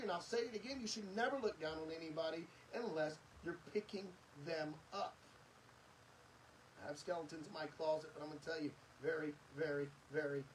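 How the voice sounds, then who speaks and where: Recorded far from the mic with slight background noise and poor quality, a middle-aged man hosting a podcast preaches earnestly and motivationally, repeating himself emphatically. His voice sits high.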